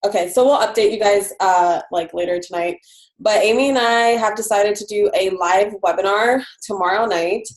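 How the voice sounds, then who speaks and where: A woman's voice: mid-range voice, normal speed. A woman leads a team video call, chatting her way through announcements with easy fillers and restarts. Her voice carries a roomy echo from the space she sits in. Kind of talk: casual online team call.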